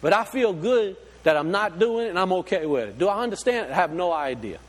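A man's voice: sits high, lively intonation, fast talker, long reverb tail. A man preaching a sermon, folksy and full of rhetorical questions. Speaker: pastor.

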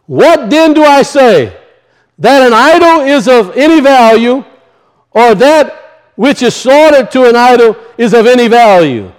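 A male pastor preaching a conversational sermon, acting out little voices and dropping low for asides. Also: big pitch swings, measured pace, clear, resonant tone.

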